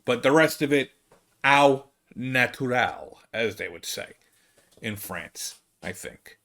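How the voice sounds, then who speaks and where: A man's voice: fairly low pitch, expressive, a little slow, gravelly. A man with a Brooklyn accent hosting a casual comedy monologue, rambling and exasperated, with lots of restarts. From United States. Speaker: comedian podcast host.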